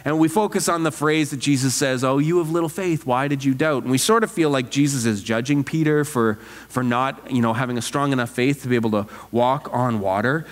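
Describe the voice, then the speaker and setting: Pastor preaching in a reverberant church. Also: male voice, on the high side, brisk. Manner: earnest, animated preaching with rhetorical questions. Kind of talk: sermon. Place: church sanctuary.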